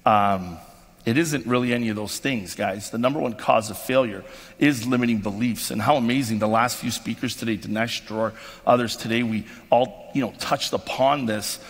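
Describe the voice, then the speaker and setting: A man's voice: medium pitch, normal speed. A man giving an emotional, effusive motivational speech as keynote speaker at a company convention, with frequent ums and restarts. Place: convention stage in a large hall. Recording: long hall reverb from a convention stage.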